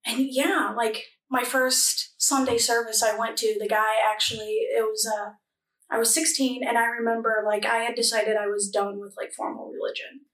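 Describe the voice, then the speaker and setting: A woman's voice: fairly high pitch, little pitch movement, normal speed, fairly bright tone, far from the mic. A young adult woman, a church guest in a casual interview, talking chattily with many fillers and restarts. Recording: echoey room, a bit off mic.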